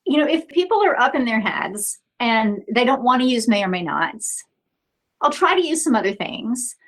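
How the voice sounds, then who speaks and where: A woman's voice: a little high, very animated, normal speed. A middle-aged woman therapist, a podcast guest, explaining earnestly and often checking in with "right?". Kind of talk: podcast interview.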